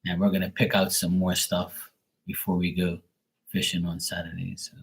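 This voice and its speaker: On a rough recording, this man speaks at normal speed in a deep, monotone voice with vocal fry. As a live stream host giving readings, he wanders through a laid-back story packed with street slang and cursing, playing both parties in the exchanges he recreates.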